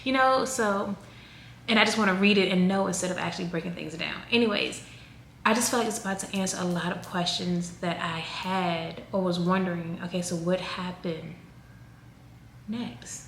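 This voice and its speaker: A woman's voice: on the low side, moderate pace, creaky. A woman in her thirties chats to her viewers in a loose, rambling way, full of asides. Her voice bounces around a reverberant room, with a faint hiss of background noise underneath. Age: 30s. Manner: chatty, rambling, animated. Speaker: vlogger. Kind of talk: casual chat to camera.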